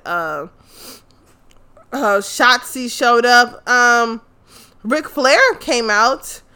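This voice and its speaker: A woman giving a casual, excited and profane recap of a wrestling event, rambling with lots of fillers. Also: fairly high pitch. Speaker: fan commentator.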